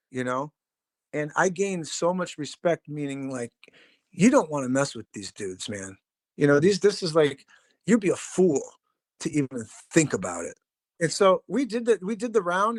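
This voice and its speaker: A man's voice: fairly high pitch, no echo, clean studio sound. A middle-aged man, a drummer and podcast guest, telling stories casually in a rambling, profane, laid-back way with lots of fillers. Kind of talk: casual storytelling.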